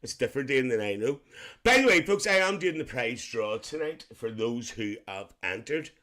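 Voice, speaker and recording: A man's voice: mid-range voice, very animated, normal speed, bright, forceful tone. A man playing a gossipy Northern Irish aunty. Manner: chatty, calls everyone dear, laughs often. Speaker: livestream host. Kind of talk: live-stream chat with viewers.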